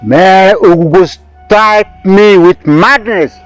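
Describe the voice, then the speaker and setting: Um sacerdote solene de santuário. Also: male voice, sits high, takes it slowly, smooth, no echo. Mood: solemn. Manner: solemn, commanding. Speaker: actor. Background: music.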